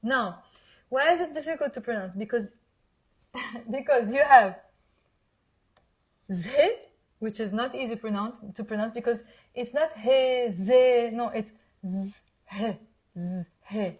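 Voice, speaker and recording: Woman, Lebanese accent, language teacher, live online lesson, lively, repeats words slowly, slightly high pitch. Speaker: Arabic teacher.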